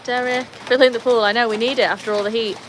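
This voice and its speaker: A woman's voice: a little high, fairly even intonation, fast, background noise. Chatty British woman hosting a livestream. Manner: chatty, reads out viewer comments and coaxes her dogs. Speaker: livestream host. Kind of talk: casual livestream chat. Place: covered tin-roofed veranda during rain.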